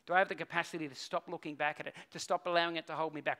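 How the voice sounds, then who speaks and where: A man preaching a sermon, telling stories, swinging from loud urgent peaks to low quiet stretches. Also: fairly even intonation, rapid-fire. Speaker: pastor.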